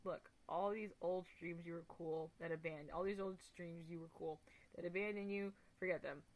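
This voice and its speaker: A woman's voice: fairly low pitch, fairly even intonation, normal speed. A woman streamer talking bluntly and heatedly, swearing as she rants on stream. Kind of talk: casual ranting stream talk.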